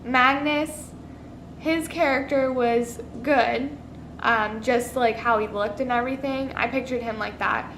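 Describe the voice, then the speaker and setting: A woman's voice: a little high, fairly even intonation, unhurried, a bit bright, a little hiss or hum. A woman reviewing a movie in a casual vlog, chatty and full of "like" fillers, acting out her own reactions. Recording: echoey room.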